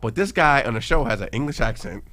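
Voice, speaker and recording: A man co-hosting a casual podcast, teasing and excitable. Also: medium pitch, fast. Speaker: co-host.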